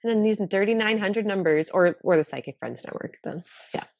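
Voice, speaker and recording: A woman chatting as a podcast guest, talking in quick joking asides with lots of "like"s. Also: medium pitch, expressive, vocal fry, a little mellow, no echo, lo-fi sound. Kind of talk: casual chat.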